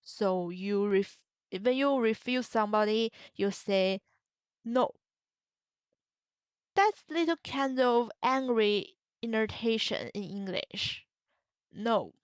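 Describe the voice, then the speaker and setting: Woman, teaching in English; very slow, patient and repetitive; smooth, clear voice, dry close sound. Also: a little high, no echo. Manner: repeats phrases slowly, models tones with drawn-out vowels. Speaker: Mandarin teacher. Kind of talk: slow, patient language lesson.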